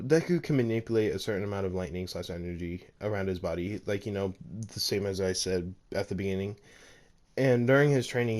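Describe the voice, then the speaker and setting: A man's voice: on the low side, darkish tone. A man casually narrating a fan-made story, rambling with lots of fillers and laughing at his own slips.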